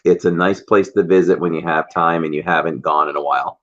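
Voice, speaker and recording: Low-voiced man hosting a livestream. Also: fairly even intonation, a little fast, a bit bright, dull audio. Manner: reads out viewer comments and greets viewers by name. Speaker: livestream host. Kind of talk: casual livestream chat.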